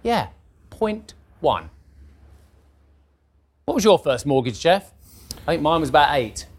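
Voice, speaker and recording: A man in his fifties presenting a live markets rundown, chatty and animated, talking straight to viewers. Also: a little high, measured pace, slightly rough.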